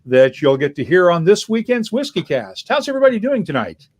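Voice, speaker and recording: A man's voice: high voice, big pitch swings, brisk. Chatty man hosting a webcast. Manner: chatty, joking, reads viewer comments aloud. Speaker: host. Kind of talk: casual webcast chat. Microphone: video call.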